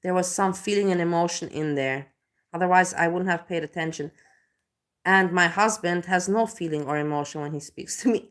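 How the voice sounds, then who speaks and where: A woman's voice: mid-range voice, normal speed, fairly bright tone. A young adult woman live streamer chatting casually, who swears often and gets worked up and emotional. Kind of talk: casual reaction chat.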